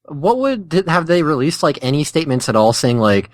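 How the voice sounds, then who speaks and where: Lively, sarcastic male co-host. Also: a little high, brisk, no room sound. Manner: joking, sarcastic asides. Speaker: podcast co-host. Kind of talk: casual gaming chat.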